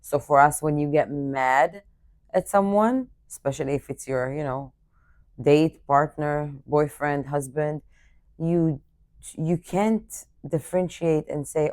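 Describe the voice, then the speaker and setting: Woman co-host, very low voice, dry close sound, reflective casual chat. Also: unhurried, darkish tone, no room sound. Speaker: podcast co-host.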